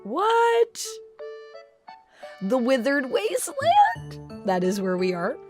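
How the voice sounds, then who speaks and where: A woman's voice: medium pitch, expressive, takes it slowly, over music. A woman voicing a kindly old game character who sounds worried and flustered, with quaint, old-fashioned phrasing. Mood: fretful.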